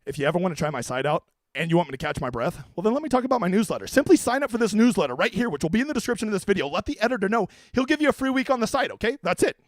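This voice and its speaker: A man's voice: high-pitched, sing-song, racing, dry recording, poor audio. A man streaming about fantasy golf, brash and profane, out of breath. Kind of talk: hyped comedic stream talk.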